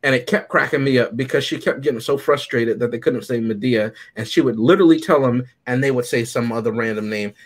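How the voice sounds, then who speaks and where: A man's voice: mid-range voice, fairly quick, hardly any pauses. A man casually chatting as a podcast co-host, telling stories with animation and laughing often. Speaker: podcast co-host reviewing a movie. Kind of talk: casual chat.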